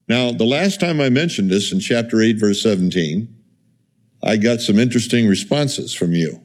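A man's voice: mid-range voice, lively intonation, normal speed. A middle-aged male pastor preaching a sermon in a conversational way, with rhetorical questions and asides to the congregation.

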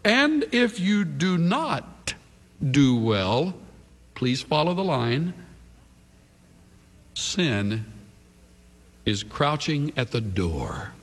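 Slow, expressive male preacher in a hall. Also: on the high side. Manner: emphatic preaching with drawn-out pauses. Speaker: pastor. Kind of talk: sermon. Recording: long reverb of a large hall.

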